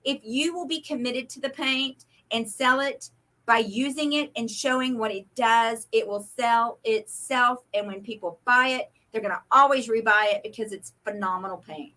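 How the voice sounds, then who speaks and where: A woman with an Oklahoma and Texas accent hosting a live-stream, chatting quickly and casually with viewers. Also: fairly high pitch, pushed and bright. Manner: fast-talking, chatty. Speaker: host.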